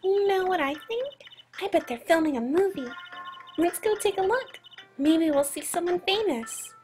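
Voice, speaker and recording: A woman's voice: very high-pitched, animated, normal speed, faint music behind, pitched above the performer's own voice. A woman voicing a cheerful teenage girl in a video game, eager and upbeat. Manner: bright, eager.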